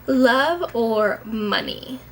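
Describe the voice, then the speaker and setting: A woman's voice: on the high side, animated, very slow, slight background noise, poor audio. A young woman chatting casually to her camera at home as a vlogger, rambling and candid, swearing now and then.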